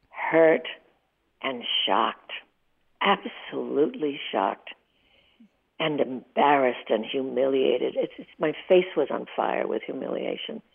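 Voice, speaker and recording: A woman in her eighties tells a heartfelt story as a radio guest. Her voice is low and gravelly, and she speaks with vivid feeling. The sound is thin and tinny, like a phone line. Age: 80s. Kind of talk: emotional storytelling in a radio interview.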